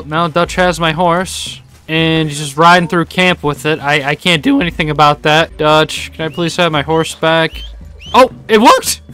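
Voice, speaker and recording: A man giving live commentary on a video game, excitable, often yelling at what happens on screen. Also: on the high side. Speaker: gaming YouTuber.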